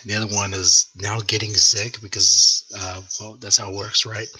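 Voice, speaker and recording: A man talks loosely and at length on his own live stream, swearing freely as he rambles. His voice sits a bit low and sounds husky, with a bright, forceful edge, and the recording is dry and close. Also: distant mic, low-quality recording. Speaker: livestream host. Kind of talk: casual chat.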